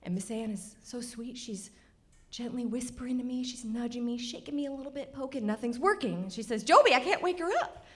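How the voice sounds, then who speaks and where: A woman's voice: fairly high pitch, a little fast, a little mellow. A woman telling a true story on stage before a live audience, wry and confiding. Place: stage of a cultural center.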